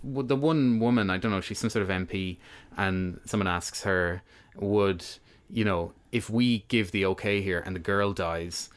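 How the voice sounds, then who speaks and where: A man with a very low voice, chatting casually about a film he watched. He is wry and gets animated when something bugs him. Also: moderate pace, few pauses, smooth. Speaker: film review podcast host. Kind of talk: casual chat.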